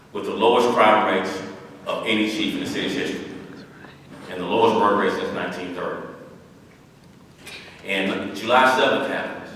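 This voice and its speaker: Man, 50s, low register, earnest speech-giver telling his life story, heard far off in a reverberant hall. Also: fairly bright tone, slight background noise. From Dallas, Texas. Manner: earnest, repeats phrases for emphasis. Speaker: former police chief giving a speech. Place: large hall, speaking to an audience.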